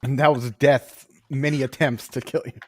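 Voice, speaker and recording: Podcast co-host guy, kinda husky voice, laid back, cracking jokes in casual chat. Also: medium pitch, steady tone, normal speed, a little mellow.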